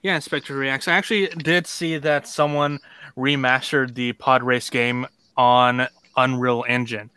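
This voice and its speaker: A man co-hosting a casual podcast chat, excitable and laughing often. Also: medium pitch, unhurried, clean tone, dry recording. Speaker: podcast co-host.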